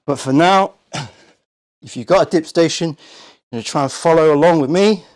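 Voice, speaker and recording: A man's voice: on the high side, normal speed, a little mellow. A man coaching a home workout, out of breath, counting reps aloud and encouraging. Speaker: fitness coach.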